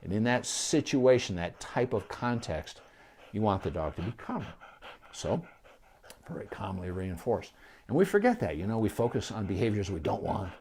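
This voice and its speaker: Lively man teaching about dog behavior. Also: fairly low pitch, moderate pace, a little hiss or hum. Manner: animated, with many restarts and asides; drops to a soft voice for calm praise. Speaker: veterinarian. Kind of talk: casual instructional talk to camera.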